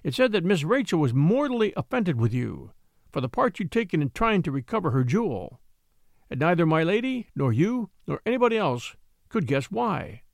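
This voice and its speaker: A man's voice: a little high, very animated, moderate pace, gravelly, dry recording, clean studio sound. A man reading an audiobook, voicing an elderly male servant who is stern, proud and stubborn. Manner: stern, insistent pleading.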